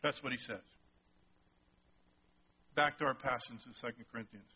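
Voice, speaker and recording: A male pastor preaching a sermon, emphatic and rising toward near-shouts on key points, often checking in with the congregation. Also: medium pitch, normal speed, breathy edge. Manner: asks the congregation frequent check-in questions. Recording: slightly muffled sermon recording.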